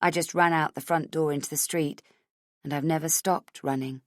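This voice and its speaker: Low-voiced woman narrating a thriller. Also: steady tone, normal speed, no echo, studio quality. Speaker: audiobook narrator. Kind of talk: scripted first-person narration.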